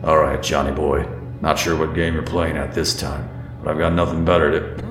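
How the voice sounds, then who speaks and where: A man voicing a gruff, bitter, injured older man who talks with mocking condescension. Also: extremely low pitch, flat delivery, moderate pace, reverberant, over music. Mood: condescending. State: coughing, in pain.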